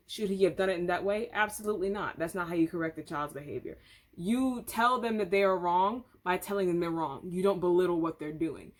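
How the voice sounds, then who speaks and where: Chatty opinionated woman vlogger. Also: on the low side. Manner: chatty, candid, opinionated, rambling. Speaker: storytime vlogger. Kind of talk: casual storytime commentary. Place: home room.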